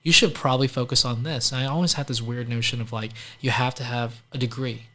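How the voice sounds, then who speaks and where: A man's voice: mid-range voice, fairly even intonation, fast, pushed and bright. Chatty man telling stories, full of "like"s. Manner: chatty, heavy use of "like", acts out quoted people. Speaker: entrepreneur guest. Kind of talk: casual storytelling interview.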